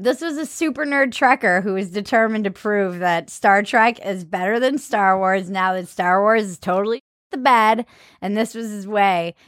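A woman's voice: medium pitch, no room sound, clean studio sound. A woman hosting a podcast in a casual, sarcastic way, often laughing at her own jokes. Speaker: podcast host. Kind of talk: casual comedic chat.

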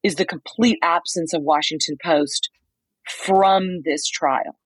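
A woman co-hosting a podcast from a motel room, telling a story in casual chat with quick asides. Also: deep voice, breathy edge, no echo, rough recording. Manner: chatty storyteller, quick asides and acted-out quotes. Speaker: podcast co-host reporting from a trial.

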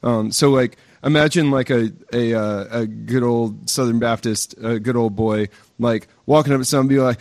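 A man's voice: mid-range voice, fairly even intonation, moderate pace, few pauses, no room sound. An American man chatting casually on a podcast, rambling through his stories with plenty of restarts and fillers. His voice sits in a middle range and comes through a close, dry mic with no room sound. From United States. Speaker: podcast host. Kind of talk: casual chat. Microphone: own mic with gain control.

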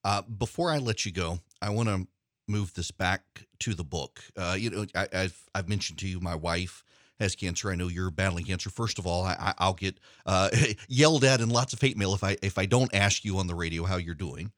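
Middle-aged male radio host with a lowish voice and a dry sound, earnest and halting, restarting his thoughts often. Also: steady tone, fairly bright tone, no echo. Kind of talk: interview conversation.

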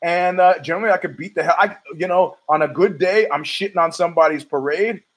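Poor audio captures a middle-aged man hosting a podcast in a high voice at a quick clip. He rambles through an opinionated, profane monologue with plenty of restarts.

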